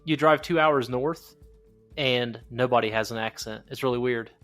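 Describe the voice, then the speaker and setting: A man's voice: mid-range voice, moderate pace, fairly bright tone. Podcast host, male, Southern Ohio accent, chatty and easygoing, faint music behind. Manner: friendly, laughs often, chatty. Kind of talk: casual podcast interview.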